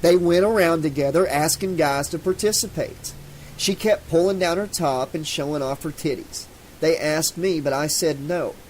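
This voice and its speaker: A man's voice: fairly high pitch, normal speed, darkish tone, slight background noise, close to an everyday voice, rough recording. A man voicing a young Southern American jock, his speech slightly slurred and defensive.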